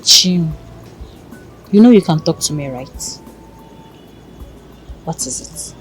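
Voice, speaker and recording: A woman's voice: sits low, lively intonation, slow pace, faint music behind, low-quality recording. An actress with a Nigerian accent playing a devoted young heiress who reassures her lover in a film drama. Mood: tender. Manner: tender, reassuring, shifts into pidgin.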